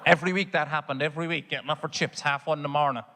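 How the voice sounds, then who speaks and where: A man's voice: fairly high pitch, steady tone, rapid-fire, in a large hall, background noise. A man with a Cork Irish accent doing a stand-up comedy set, telling family stories full of swearing and putting on voices. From Ireland. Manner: swearing, storytelling with exaggerated voices for his family. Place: theatre stage before a laughing audience.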